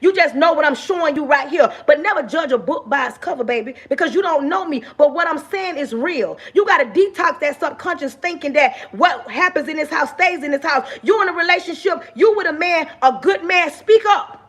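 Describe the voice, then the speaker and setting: A woman's voice: high-pitched, expressive, fairly quick, few pauses. A woman streaming live, delivering a passionate, preachy rant, calling her listeners baby and raising her voice. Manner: raises her voice, talks with her hands.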